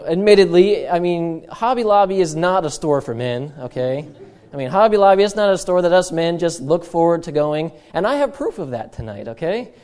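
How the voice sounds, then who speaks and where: A man's voice: fairly high pitch, darkish tone. A male pastor telling funny stories in a sermon, chatty and self-mocking, full of asides. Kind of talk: humorous storytelling sermon.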